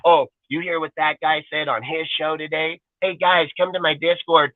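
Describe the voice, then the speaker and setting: A man's voice: fairly high pitch, steady tone, moderate pace, dry recording, close to an everyday voice. Man doing a whiny gossiping fan, mocking sing-song, fake sobs, tinny phone-like sound. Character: whiny gossiping male fan, petty and dramatic. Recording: tinny phone-like dry line.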